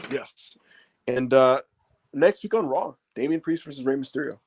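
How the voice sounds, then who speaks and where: A man recapping a wrestling show in casual chat, telling it with lots of fillers and acting out the quotes in big shouts. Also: mid-range voice, normal speed, breathy edge. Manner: animated retelling, acts out quotes in raised shouts.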